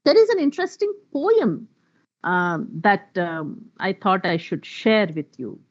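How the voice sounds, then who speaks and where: Female workshop lecturer, mid-pitched, steady explanatory delivery, lists examples, muffled recording. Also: unhurried. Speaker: workshop speaker on pronunciation.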